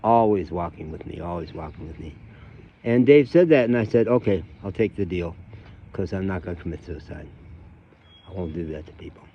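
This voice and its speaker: Man, low voice, candid reflective storyteller, muffled lo-fi audio with faint hiss. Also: animated, fairly quick. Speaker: course host. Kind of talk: casual personal talk to camera.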